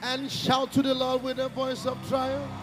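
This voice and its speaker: A man, a guest pastor, leading worship with slow, chanting calls to the congregation. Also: very high-pitched, monotone. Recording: worship music playing behind.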